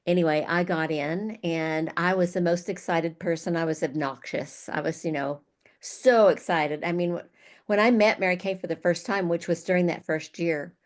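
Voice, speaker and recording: An older woman guest, retired, telling lively stories from her career and laughing often. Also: low voice. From Arizona, USA. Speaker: guest speaker. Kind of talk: storytelling.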